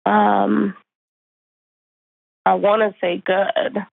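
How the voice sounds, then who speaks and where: A woman's voice: mid-range voice, level tone, extremely slow, creaky, dry recording. A woman calling in to an advice show, giving brief, hesitant answers. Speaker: caller. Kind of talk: phone call to an advice show. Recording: tinny phone line.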